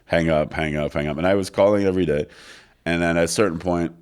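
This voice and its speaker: A middle-aged Frenchman with a low voice and clean tone tells stories quickly as a guest in a casual studio interview. He's an animated storyteller who acts out quoted dialogue and uses many fillers.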